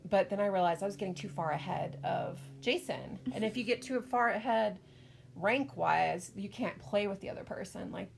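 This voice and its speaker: Gravelly-voiced middle-aged woman chatting. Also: medium pitch, a little hiss or hum. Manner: chatty, laughs often, self-mocking. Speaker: podcast co-host, mother. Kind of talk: casual chat.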